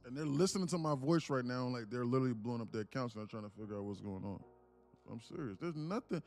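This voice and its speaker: Speaking quickly in a creaky, medium-pitched voice, a man hosts a live day-trading stream with faint music behind. He chats loosely with viewers, cursing freely, joking, and laughing a lot in a lively way.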